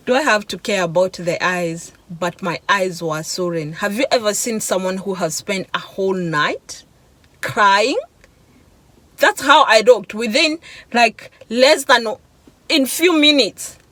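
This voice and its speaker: A young woman vlogger pours out a heartfelt testimony to her audience. She talks slowly, circling back over her words, half-laughing and half-crying as she goes. The sound is close and dry, with no room around her. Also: mid-range voice, a bit bright, no room sound. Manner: emotional, repeating herself, breaking into laughs and near-tears. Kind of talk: emotional personal testimony.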